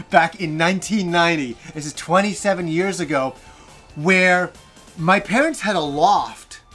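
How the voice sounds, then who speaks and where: High-voiced, excitable gaming host man. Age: 40s. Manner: enthusiastic, rambling with restarts. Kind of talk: nostalgic personal storytelling.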